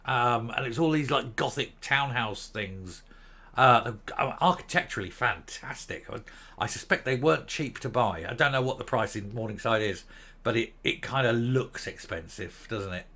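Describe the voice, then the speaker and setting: A man's voice: medium pitch, normal speed, pushed and bright. A middle-aged man hosting an opinionated political commentary show, sneering and scornful, with frequent ums and uhs. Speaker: host.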